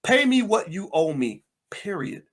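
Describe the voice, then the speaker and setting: A man's voice: high-pitched, sing-song, unhurried. A man giving impassioned political commentary, firing off angry rhetorical questions.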